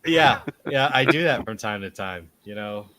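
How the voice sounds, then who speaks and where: A man co-hosting a podcast in relaxed, rambling casual chat full of fillers. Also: lowish voice, moderate pace. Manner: laid-back, rambling with fillers. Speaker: podcast co-host.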